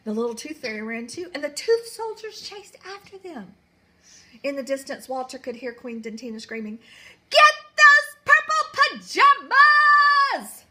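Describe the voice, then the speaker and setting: A woman's voice: high voice, lively intonation, normal speed. A woman teacher reading a picture book aloud to children in a classroom, with dramatic storytelling.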